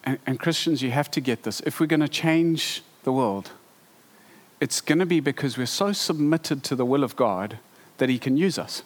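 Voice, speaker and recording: A man preaching a sermon, emphatic and animated, with rhetorical questions to the congregation. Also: medium pitch, moderate pace, in a large hall. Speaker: pastor.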